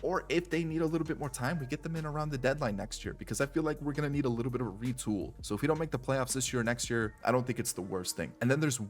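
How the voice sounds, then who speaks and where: A man's voice: medium pitch, racing, few pauses, faint music behind. A stuffy, congested young man casually commenting on a baseball game while weighing his options aloud. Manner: thinking aloud, weighing options, trailing restarts. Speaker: gaming YouTuber.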